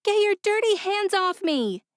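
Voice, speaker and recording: A woman voicing a defiant young heroine in an audiobook, raising her voice high and loud. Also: lively intonation, moderate pace, dry recording, clean studio sound.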